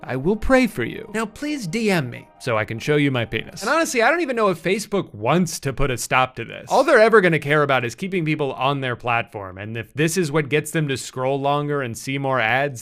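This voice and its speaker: A young man doing comedic internet commentary in a sarcastic, storytelling way. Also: mid-range voice. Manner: sarcastic, animated storytelling with mock voices. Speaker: commentary YouTuber.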